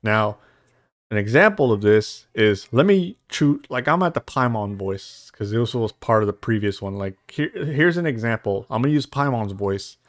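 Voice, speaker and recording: A young man hosts a rambling, casual software tutorial on voice-changer settings, swearing lightly now and then. His voice sits on the low side with lively intonation at a normal speed, and the studio-quality recording from a noise-suppressed mic has no room sound.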